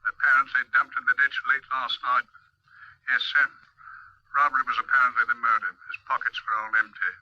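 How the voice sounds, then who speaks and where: An actor playing a brisk police officer giving an official report in an old radio drama. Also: male voice, mid-range voice, steady tone, no echo, lightly acted. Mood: businesslike. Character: clipped male police officer reporting by phone. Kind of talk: 1940s radio acting. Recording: dull, lo-fi, dry old radio recording.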